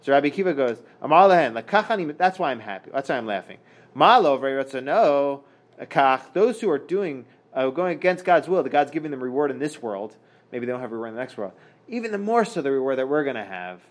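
A man with a mid-range voice and lively intonation gives a casual daf study lesson, voicing Hebrew and Aramaic passages from the Talmud and translating them. He talks haltingly, often restarting and using filler words.

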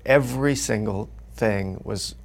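A man hosts a relaxed interview, his voice low and gravelly with a creaky edge. He asks his questions in an easy, thoughtful way. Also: a little slow. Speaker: interviewer host. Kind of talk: conversational interview.

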